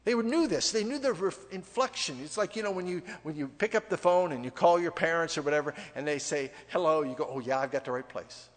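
Guy preaching a sermon, kinda high voice, chatty then suddenly hushed, big hall echo. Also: brisk, hardly any pauses. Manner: animated, conversational preaching with sudden dramatic drops in volume. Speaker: pastor. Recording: long reverb of a large hall.

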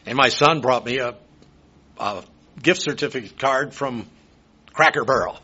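A man's voice: mid-range voice, a little slow, sharp tone, breathy edge. Folksy older preacher in his seventies. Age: 70s. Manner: folksy, rambling asides. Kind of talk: sermon. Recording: dull lo-fi sound.

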